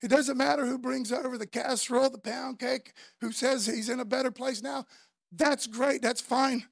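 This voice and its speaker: A man, preaching a sermon in a loose, conversational way, often tagging lines with "man" and dropping from loud to soft. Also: very high voice, fairly even intonation, moderate pace, creaky, no room sound, clean studio sound. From Florida, US. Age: 50s. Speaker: pastor.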